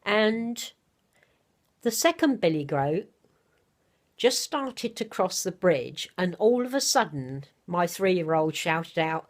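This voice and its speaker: Middle-aged woman, gentle chatty storyteller, slightly dry throat, a bit low-pitched. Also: big pitch swings, slow. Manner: gentle, chatty, with soft asides. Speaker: vlogger. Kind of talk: casual storytelling to camera.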